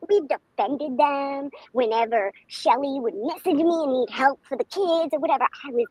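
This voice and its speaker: A woman's voice: high-pitched, moderate pace, a little mellow, no echo, low-quality recording. A woman, ranting angrily and profanely on a livestream. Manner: profane, heated, confrontational. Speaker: livestream commentator. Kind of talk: angry livestream rant.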